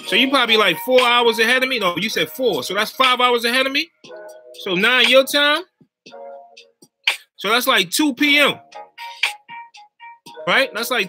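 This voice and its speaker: A man with a strikingly bright, sharp voice chats loosely with his stream viewers. His talk is slangy and animated, and he keeps looping back to check that they follow him. Faint music plays underneath. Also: very high-pitched. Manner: slangy, animated, keeps checking in with "you know what I mean". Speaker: YouTuber live-chatting with viewers. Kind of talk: casual livestream chat.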